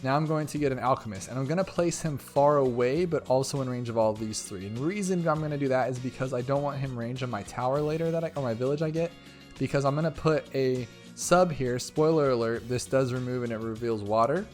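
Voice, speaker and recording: Excitable rambling gaming YouTuber man. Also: mid-range voice, brisk, soft background music. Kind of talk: rambling game commentary.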